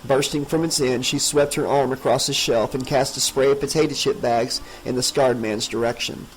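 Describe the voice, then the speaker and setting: A man narrating a horror audiobook in a steady, dramatic reading. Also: medium pitch, moderate pace, slight background noise, low-quality recording.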